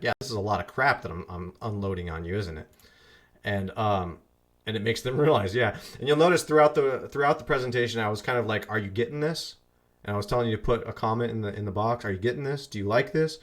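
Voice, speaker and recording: A man teaching an online marketing course in a chatty, loose way, repeating phrases for emphasis and muttering asides as he fixes his slides. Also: lowish voice. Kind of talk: casual screen-share lesson.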